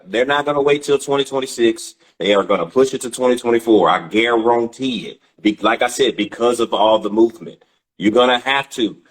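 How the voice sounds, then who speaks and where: A man's voice: medium pitch, low-quality recording. A man co-hosting a casual podcast, talking bluntly and with swearing about sports and daily life. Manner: blunt, profane, animated. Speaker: podcast co-host. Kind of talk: casual chat.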